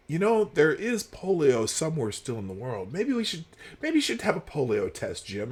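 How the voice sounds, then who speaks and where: A man's voice: fairly high pitch, huge pitch swings, normal speed, husky. A man hosting a livestream, reading posts aloud and reacting with exasperated, sarcastic commentary. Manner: exasperated, sarcastic, swings between shouting and muttering. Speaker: livestream host.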